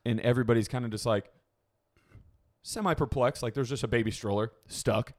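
A man casually telling a travel story in a chat, animated and wry. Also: medium pitch, fairly quick. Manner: animated storyteller, acts out people in quotes.

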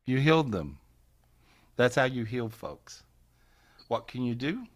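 A man with a mid-range voice, big pitch swings and a measured pace hosts a casual live spiritual healing call-in over a video call. He is warm and folksy, repeating phrases and laughing often.

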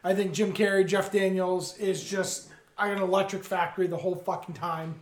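A man co-hosting a podcast, excitable and swearing freely in casual chat. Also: high voice, moderate pace. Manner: excitable, swears, laughs often. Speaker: podcast co-host. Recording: echoey room.

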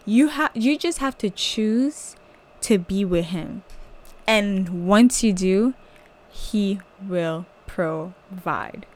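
A woman's voice: medium pitch, extremely slow. A young woman hosting a podcast, telling a personal faith testimony in a gushing, casual way that is full of "like" and "y'all.". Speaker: podcast host.

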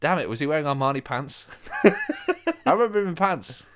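A man's voice: a little high, lively intonation, fairly quick, fairly bright tone, clear, resonant tone. A young man bantering in a casual quiz chat, swearing and teasing his friend. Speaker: quiz contestant and co-host.

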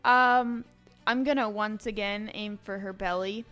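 A woman's voice: mid-range voice, steady tone, measured pace, a bit bright. A woman playing a tabletop game, talking in a casual, blunt way and laughing often. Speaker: player. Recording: faint music behind.

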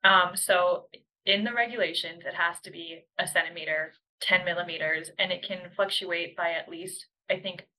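A Canadian woman co-hosting a podcast, walking through the news and stopping to correct herself. Her voice is low-pitched but strongly bright and forceful. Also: rough recording. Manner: explanatory, self-correcting. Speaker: podcast co-host. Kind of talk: explaining news in casual podcast chat.

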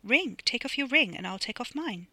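A woman's voice: on the high side, animated, moderate pace, bright, forceful tone, dry recording, pitched above the performer's own voice. Bunty, a gushing posh flirt, as a woman reads her. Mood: teasing. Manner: gushing and teasing.

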